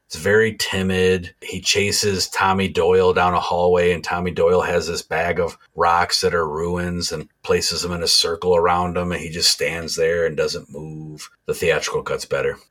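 A man's voice: low voice, flat delivery, normal speed, hardly any pauses, fairly bright tone. A man co-hosting a podcast, recapping a horror film in rambling, profane casual chat. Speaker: podcast co-host.

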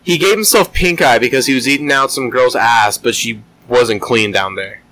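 A man's voice: medium pitch, normal speed, sharp tone, rough recording. A man co-hosting a casual podcast, adding crude, wry side comments to a friend's story. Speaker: podcast co-host. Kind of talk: casual chat.

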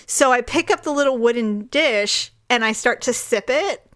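A woman podcast co-host from California, chatting casually and telling a story with lively acted-out voices. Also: a little high, measured pace. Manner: animated, acts out voices in anecdotes.

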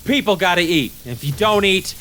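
A man voicing a gruff, impatient female camp cook who barks orders and threatens. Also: high voice, lively intonation, moderate pace, sharp tone, a little hiss or hum, pitched above the performer's own voice.

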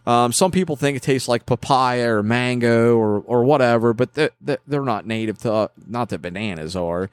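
A man's voice: medium pitch, moderate pace, hardly any pauses, clear, resonant tone, dry recording. A man co-hosting a casual podcast, chatty and joking, rambling with restarts. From West Virginia. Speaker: podcast co-host. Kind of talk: casual chat.

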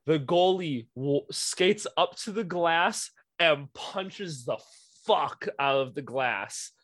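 A young man coaching youth hockey, telling a profane, animated story in casual podcast chat. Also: a little high, takes it slowly, no echo.

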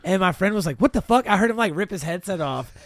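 Rapid animated man telling a story. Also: high-pitched, no room sound. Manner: animated storyteller, laughs often. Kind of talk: casual podcast chat.

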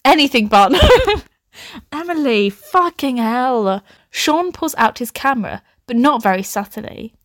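A woman's voice: sits high, big pitch swings, measured pace, no room sound, studio quality. A young woman reading her own old story aloud, breaking off into laughing, sweary, self-mocking asides. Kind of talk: comic reading with commentary.

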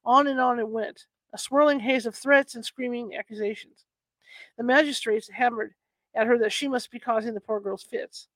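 A woman's voice: a little high, steady tone, moderate pace, no echo. A woman with allergies reading a nonfiction history book aloud in a casual way, stumbling over words, correcting herself and adding chatty asides. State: bothered by allergies.

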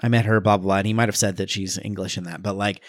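A man's voice: fairly low pitch, steady tone, fast talker. A man co-hosting a movie podcast, chatting casually with dry, wry asides. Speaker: podcast co-host. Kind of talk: casual movie-review chat.

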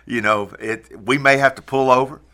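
A man's voice: mid-range voice, steady tone, normal speed, bright, forceful tone, clear, resonant tone. A man hosting a Christian trucking program, talking in an earnest, folksy way and leading listeners through a prayer. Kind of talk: prayer and invitation to faith.

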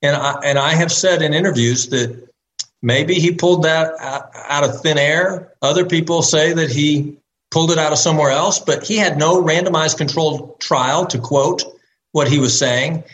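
Male doctor guest, fairly high voice, measured, listing points, faint noise behind. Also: fairly bright tone, rough recording. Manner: measured, builds arguments in lists. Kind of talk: interview answers.

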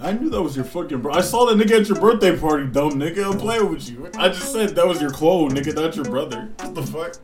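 A young man co-hosting a casual podcast, loud and joking and swearing freely. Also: on the high side, expressive, fast, hardly any pauses, over music. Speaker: podcast co-host. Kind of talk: casual chat.

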